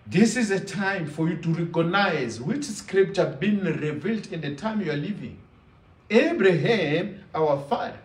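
A man preaches slowly in a high, lively voice. He leans on emphatic, repeated phrases. The sound is roomy and echoey, and he is well back from the mic. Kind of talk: sermon. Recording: echoey room, from far off.

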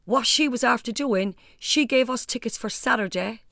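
A middle-aged Irish woman telling a family story on a podcast in a casual, animated way with blunt asides. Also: on the high side, normal speed, creaky, no room sound, studio quality. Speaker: guest, the host's mother.

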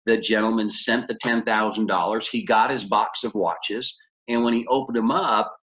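A man's voice: steady tone, normal speed, fairly bright tone, lo-fi sound. A man coaching business owners, telling a story in a conversational way and acting out the dialogue. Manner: conversational, acts out dialogue with big pitch jumps. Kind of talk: motivational storytelling lecture.

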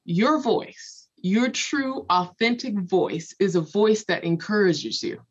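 A woman from Los Angeles speaks as a podcast guest and gives motivational advice. She talks in an earnest, emphatic way and comes back to the same key phrases again and again. Her voice is mid-pitched, and the recording sounds a little dull and muffled. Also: animated, takes it slowly, husky. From Los Angeles, United States. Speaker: guest, author and former math professor. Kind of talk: motivational talk.

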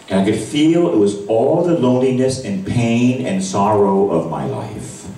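Male priest, emotional testimony, low lively voice, echoey church from far off. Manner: emotional testimony, voice swinging from hushed to cries. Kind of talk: sermon. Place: large church at a retreat Mass. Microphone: far camera recording.

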